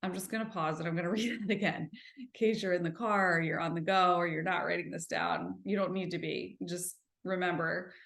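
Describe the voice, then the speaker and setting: An earnest woman hosts a self-help podcast, coaching her listeners and asking them rhetorical questions along the way. Her voice sits slightly low, and the room around her has a noticeable echo. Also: steady tone, creaky. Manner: slows and softens when describing gentle listening. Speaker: podcast host.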